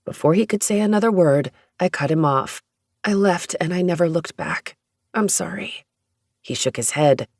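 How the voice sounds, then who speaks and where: An audiobook narrator reading a first-person romance story in a steady, even storytelling manner. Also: medium pitch, normal speed, no echo, clean studio sound.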